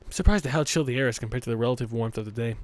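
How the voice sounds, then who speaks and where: A man's voice: mid-range voice, rapid-fire, a little mellow, no room sound. Joking crude let's play guy. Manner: joking, crude, rambling asides. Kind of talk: casual let's play commentary and visual novel reading.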